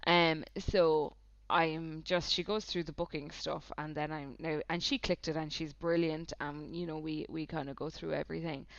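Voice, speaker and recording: Irish woman, podcast guest, gravelly, chatty storyteller, dull lo-fi audio. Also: sits low, little pitch movement, moderate pace, dry recording. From Ireland. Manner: chatty, fillers of "like", retells by quoting herself. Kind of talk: casual storytelling. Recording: dull, dry lo-fi sound.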